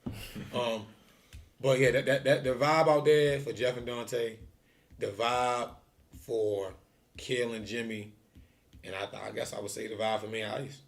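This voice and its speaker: A man telling a story in casual chat, animated and full of slang, acting out quotes. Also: normal speed, gravelly, pauses often. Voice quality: heavy profanity and slang. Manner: animated storyteller, acts out quotes with rising pitch. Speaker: streetball tour organizer.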